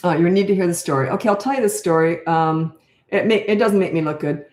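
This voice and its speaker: This lowish, slightly mellow female voice moves fast and carries a roomy echo. She is a Canadian parenting coach in her sixties, chatting easily as she answers questions from viewers and laughing her way through long, off-topic stories.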